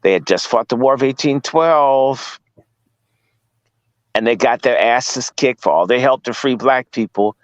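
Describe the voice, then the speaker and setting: A man's voice: medium pitch, unhurried, dry recording, highs cut off. A man from Washington, D.C. giving a casual lecture, firing rhetorical questions at his listeners, blunt and profane. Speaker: guest speaker.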